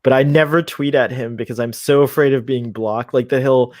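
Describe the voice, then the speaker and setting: A man hosting a relaxed live stream, chatting with a fan's eagerness and laughing between thoughts. His voice sits at an ordinary middle pitch, and the sound is close and dry with no room around it. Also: brisk, no room sound. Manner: laughs often, eager fan talk. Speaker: show host. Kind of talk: casual live-stream chat.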